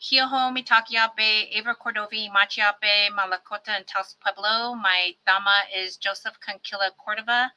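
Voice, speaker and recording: A middle-aged woman hosting a virtual event, welcoming guests with warm, chatty personal introductions over a video call. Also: mid-range voice, steady tone, moderate pace, few pauses, smooth, low-quality recording. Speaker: host.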